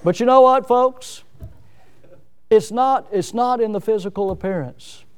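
Man, middle-aged, folksy sermon, high voice, clear and resonant, self-mocking humor. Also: measured pace. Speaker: preacher.

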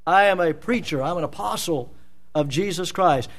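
A man's voice: a little high, moderate pace. A man preaching an expository sermon in a church, emphatic and full of rhetorical questions. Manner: emphatic, rhetorical questions, dramatic voicing of scripture.

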